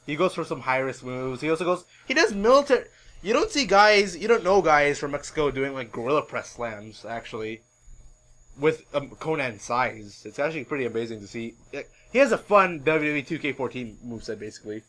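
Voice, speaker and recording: A man hosts a podcast in loose, rambling chat, full of filler words and restarts. His voice is fairly high and bright, and it swings widely in pitch as he talks. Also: animated, a little fast, rough recording. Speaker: podcast host. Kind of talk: casual chat.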